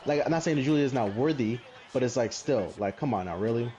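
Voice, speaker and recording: A man's voice: medium pitch, animated, fast talker, mellow, dull audio. A man co-hosting a casual wrestling podcast, ranting in an exasperated way. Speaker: podcast co-host.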